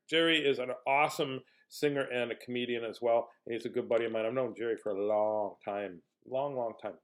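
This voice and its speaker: Middle-aged man, goofy children's entertainer, mid-pitched, silly read-aloud storyteller who laughs a lot. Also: a little fast, hardly any pauses. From Manitoba, Canada. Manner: silly, animated, laughs often.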